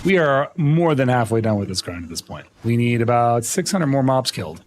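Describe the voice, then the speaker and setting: A man's voice: mid-range voice, very animated, brisk, darkish tone, slight background noise. A young adult man streaming a game live, chatting casually and playfully protesting his innocence with frequent laughter. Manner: playful, mock-indignant protesting, laughing often.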